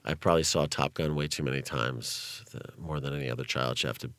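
A man's voice: rumbling low, fairly even intonation, fast, fairly bright tone, no room sound. A man telling his life story as a guest, candid and conversational, with nervous laughs and frequent fillers.

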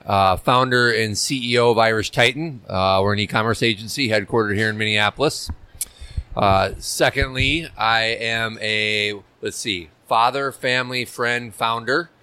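A man's voice: lowish voice, fairly even intonation, normal speed, pushed and bright, clear, resonant tone. A man guesting on a talk show, describing himself with dry, self-deprecating humor in a public market. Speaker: business founder, guest. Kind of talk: casual interview chat.

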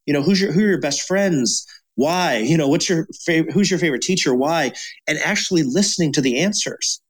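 A man's voice: on the high side, lively intonation, a little fast, breathy edge. A man who is a leadership speaker, telling stories as a podcast guest in an emphatic way and acting out dialogue.

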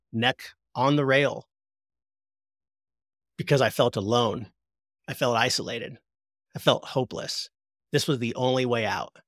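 A man in his forties, a podcast guest and prison minister, giving an earnest, heartfelt testimony that slows down for emphasis like a preacher. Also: medium pitch, fairly bright tone, no room sound, clean studio sound.

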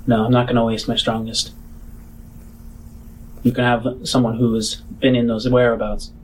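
A man's voice: mid-range voice, flat delivery, normal speed, a little hiss or hum, close to an everyday voice, low-quality recording. A man voicing a cocky, guarded halfling woman who runs a criminal bar, speaking in a cool, commanding way during a tabletop game. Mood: firm. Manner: cool, commanding, quietly self-assured.

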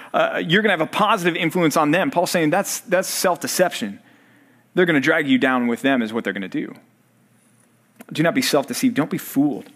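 A man's voice: on the high side, fairly bright tone. A man in his thirties, a pastor, preaching a sermon to college students and quizzing them with fill-in-the-blank questions. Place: church service for college students.

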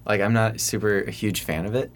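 A young man from Michigan, a student songwriter, answering interview questions casually in a soft, hesitant way full of fillers. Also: lowish voice, fairly quick, a little hiss or hum. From Michigan, USA. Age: young adult.

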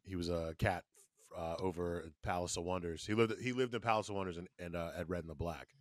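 Deep-voiced slangy man on a podcast. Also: fast, no echo, studio quality. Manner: laid-back, slangy. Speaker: podcast co-host. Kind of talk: casual chat.

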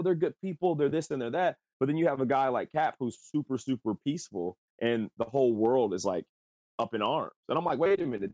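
A man co-hosting casual sports talk, animated and profane. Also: dry recording. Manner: animated, profane, jumps up in pitch. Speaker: sports podcast co-host.

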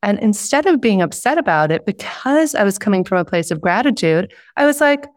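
A woman hosting a conversational interview, telling a quick anecdote in an upbeat way. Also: mid-range voice, very animated, dry recording, clean studio sound. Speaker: host.

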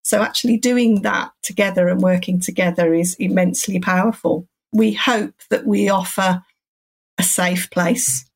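Calm encouraging woman. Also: lowish voice. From England. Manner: calm, encouraging, rambling explanations. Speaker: cancer support centre guest. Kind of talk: podcast interview.

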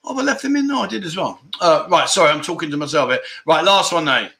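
A man hosts a casual livestream, reading viewer comments aloud and laughing often as he goes. His voice sits a bit high and sounds bright and sharp. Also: animated, quick pace, vocal fry. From England. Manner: giggly, laughs often between lines. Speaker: livestream host.

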